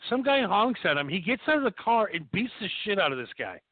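Man, high voice, lively swings, crude ranting banter, dry tinny line. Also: fast talker, no room sound. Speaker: podcast co-host. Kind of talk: casual profane banter. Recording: dry tinny phone-like audio.

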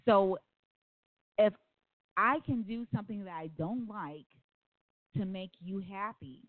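A woman's voice: medium pitch, measured pace, dry recording. Woman radio host over a phone-thin line. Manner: earnest storytelling, rambling asides. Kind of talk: call-in radio talk. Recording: phone-like, dry sound.

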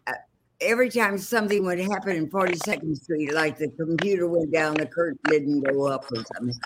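A woman's voice: low voice, a little fast, background noise. Older woman telling bawdy showbiz stories. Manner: bawdy, wisecracking, rambling with fillers. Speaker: guest, veteran stage actress. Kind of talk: casual storytelling on a video call. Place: her home. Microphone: video call.

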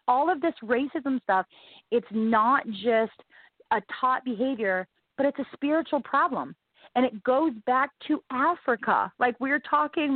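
A woman from the American South, speaking in a voice on the high side, tells her life story as an interview guest, earnest and emphatic and often repeating herself. The recording is dry and comes through a tinny, phone-like line.

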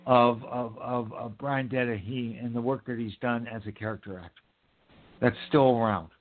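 A man's voice: mid-range voice, fairly even intonation, normal speed, a little hiss or hum. A man hosts a loose podcast chat over a tinny, phone-like line. He talks emphatically, swears freely and often stammers, repeating words as he finds his point. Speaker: podcast host. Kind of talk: casual chat.

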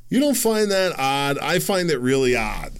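A man's voice: mid-range voice, sing-song, moderate pace. A middle-aged man hosting his own podcast, talking casually on his own in a rambling, wry way and chuckling at his own jokes. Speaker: podcast host. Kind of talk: casual solo podcast monologue.

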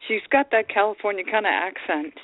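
A woman's voice: medium pitch, brisk, no echo. A woman co-hosting a call-in radio show, playful and teasing. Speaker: co-host. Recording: dry phone-line sound.

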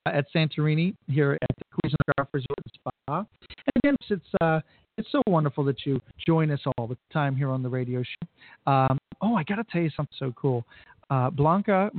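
A man's voice: fairly high pitch, slight background noise. Chatty radio host man, tinny sound. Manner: chatty, rambling, enthusiastic. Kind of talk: casual on-air chat. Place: resort restaurant on location.

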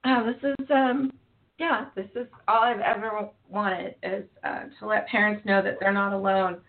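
A woman's voice: medium pitch, steady tone, normal speed. A woman hosting a podcast interview, talking in an emotional, effusive way with lots of fillers. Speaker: podcast host. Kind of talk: casual interview chat. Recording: tinny phone-like line.

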